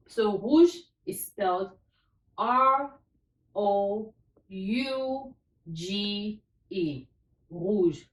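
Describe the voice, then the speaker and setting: A woman's voice: medium pitch, echoey room, far from the mic, low-quality recording. A woman teaching a language lesson, upbeat, spelling out words letter by letter. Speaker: French teacher.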